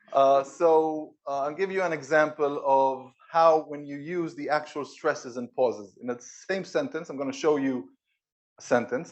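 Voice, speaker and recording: Energetic man giving an office talk. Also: medium pitch. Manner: energetic, demonstrative, pausing for emphasis. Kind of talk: live presentation to co-workers. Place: office event room with an audience.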